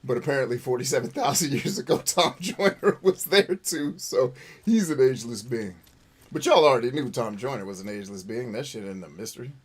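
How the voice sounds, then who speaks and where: A man with a voice of ordinary middle pitch hosts a live game stream, reading viewers' messages aloud. He talks loosely and profanely, and makes himself the butt of many of his jokes. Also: animated, fast, darkish tone, slightly rough. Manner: profane, joking, self-mocking. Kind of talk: live gameplay commentary reading chat.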